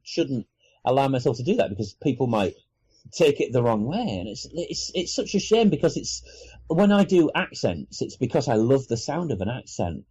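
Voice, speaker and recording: A grown man from Wales co-hosting a casual podcast, animated and hesitant, often restarting his sentences. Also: mid-range voice, moderate pace, breathy edge, rough recording. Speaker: podcast co-host. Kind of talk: casual chat.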